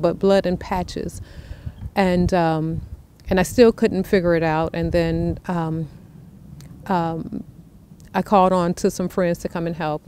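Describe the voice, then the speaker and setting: Plainspoken woman with a lowish voice. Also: a little mellow, a little hiss or hum. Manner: plainspoken, halting with fillers. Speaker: ranch owner, youth program founder. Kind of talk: interview and hands-on instruction.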